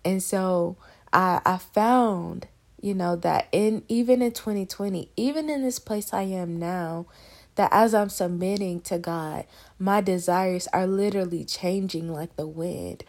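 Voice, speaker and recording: A woman in her twenties gives a faith testimony in a casual devotional talk, speaking directly to listeners as "y'all" and coming close to tears at times. Her voice is fairly low, unhurried and a little mellow.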